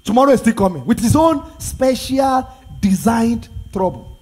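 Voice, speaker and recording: A man's voice: extremely high pitch, big pitch swings, normal speed, a little mellow, husky. A Nigerian pastor, a man, preaching a sermon with emphatic repetition and rhetorical questions.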